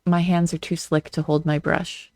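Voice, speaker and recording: A let's play streamer reading a visual novel aloud in an even, flat delivery, with short asides of their own. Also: medium pitch, moderate pace, dry recording.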